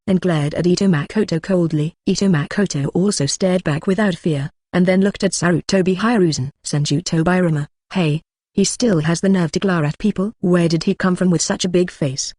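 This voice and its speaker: A text-to-speech audiobook narrator reading a web novel, speaking punctuation marks like "exclamation mark" aloud in an even delivery. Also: medium pitch, no echo, clean studio sound.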